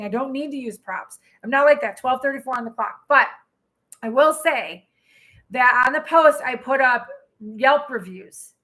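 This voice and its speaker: A woman tarot reader hosts a live stream, talking in a lively, chatty way and answering her viewers as she goes. Her voice sits high and sounds bright and forceful. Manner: chatty and animated, reads out and answers viewer comments.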